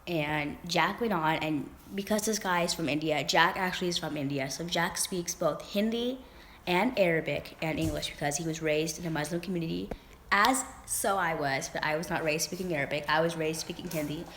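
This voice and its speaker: A woman's voice: low voice, fairly quick, a bit bright, slight background noise. A young woman vlogger rambling through a casual story, with lots of fillers and restarts.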